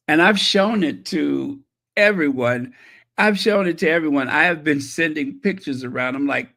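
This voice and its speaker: A man's voice: a little high, moderate pace, vocal fry, bright, forceful tone. A man hosting a casual livestream, chatting and reacting to viewer messages with many fillers. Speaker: channel host.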